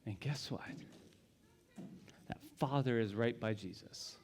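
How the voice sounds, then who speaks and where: A male pastor preaching a sermon, telling the story dramatically, dropping to hushed whispers and rising to loud exclamations. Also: medium pitch, slow, a little hiss or hum.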